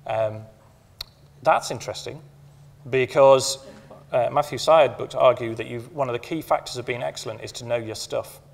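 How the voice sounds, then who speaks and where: A man in middle age delivers a motivational conference talk in an emphatic way, slowing down and repeating the points he wants to land. His voice has a gravelly edge at the ends of phrases. The sound carries a long reverb from a conference hall. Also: mid-range voice. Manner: emphatic, repeats key phrases, slows for effect. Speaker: conference speaker.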